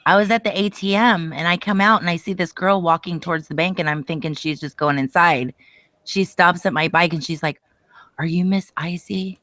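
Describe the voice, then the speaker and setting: A woman's voice: on the low side, moderate pace, fairly bright tone, no room sound. Chatty woman, dry close sound. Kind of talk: casual chat.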